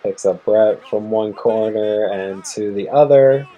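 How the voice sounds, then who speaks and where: A man's voice: fairly low pitch, measured pace, mellow, muffled recording. A man giving casual play-by-play commentary while rewatching a wrestling match, laid-back and chuckling often, with bursts of surprise.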